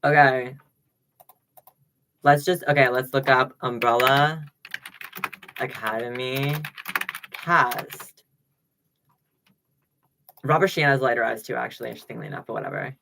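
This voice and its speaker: A man hosting a casual livestream rant into a laptop's built-in mic, sassy and rambling, swinging between loud remarks and low mutters. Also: measured pace, creaky, pauses often, noisy background. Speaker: livestream host.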